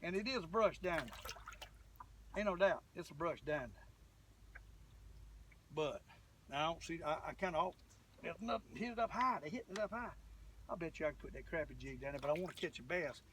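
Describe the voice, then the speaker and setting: A man giving folksy, excitable running commentary to the camera while fishing from a boat on a lake. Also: on the high side, normal speed, long pauses, far from the mic, slight background noise. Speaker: fishing vlogger.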